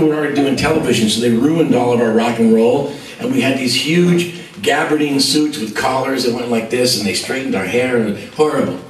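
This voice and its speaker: A man, a musician, telling a lively anecdote and acting out other people's voices. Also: medium pitch, reverberant, recorded from a distance, poor audio. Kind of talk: anecdotal storytelling.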